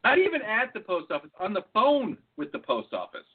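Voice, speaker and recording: A high-voiced man tells a profane story in casual chat and acts out both sides of a phone call. The sound is thin and tinny, like a phone line. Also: huge pitch swings, brisk, breathy edge. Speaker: podcast co-host.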